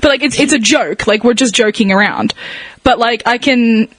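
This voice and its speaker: A woman's voice: on the high side, normal speed, a bit bright. A woman in her twenties with a hybrid Australian-American accent, chatting casually on a podcast and filling her talk with "like". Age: 20s. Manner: rambling, lots of "like" fillers, swears freely. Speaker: podcast guest. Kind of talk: casual chat.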